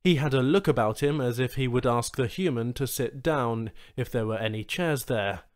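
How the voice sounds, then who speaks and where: Speaking at an ordinary pace with a medium-pitched voice, a male narrator reads a sci-fi short story for an audiobook. The scripted reading is lively and expressive.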